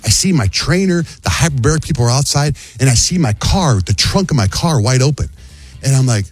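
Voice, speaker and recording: A middle-aged man hosting a radio show, telling a story in a casual, animated way and acting out sounds and quotes. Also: medium pitch, brisk, breathy edge, no room sound. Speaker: radio host.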